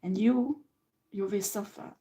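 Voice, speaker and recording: A woman's voice: medium pitch, fairly even intonation, unhurried, noisy background. A woman giving a tarot reading, speaking emphatically and directly to the person she reads for, now and then swearing. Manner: emphatic, talks straight to the viewer, swears. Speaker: tarot reader.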